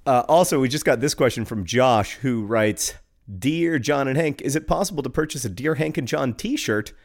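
A man's voice: medium pitch, lively intonation, moderate pace. A man co-hosting a podcast in casual chat, dry and wry, leaning on "like" as filler. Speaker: podcast co-host.

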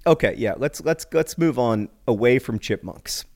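A man's voice: medium pitch, animated, darkish tone. Wry, teasing man co-hosting. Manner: wry, teasing, quick interruptions. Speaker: podcast co-host. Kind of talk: casual banter.

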